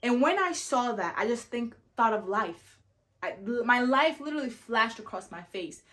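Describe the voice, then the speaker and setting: A young woman talks straight to her viewers in a casual storytelling vlog. Her voice sits a little high, and she is animated, full of "like" and "you know", and acts out what other people said. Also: normal speed. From family from Sierra Leone, raised abroad. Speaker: vlogger.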